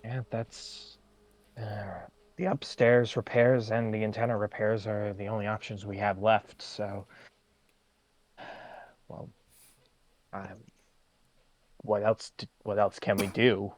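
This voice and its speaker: A man's voice: fairly low pitch, little pitch movement, unhurried. A man playing a tabletop game in character, stammering and repeating words. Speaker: player.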